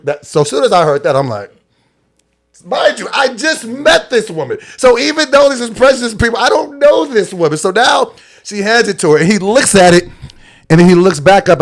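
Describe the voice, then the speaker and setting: A young adult man spins a story in casual chat. He acts out quotes in other people's voices and laughs often. His voice sits a little higher than most men's. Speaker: podcast co-host.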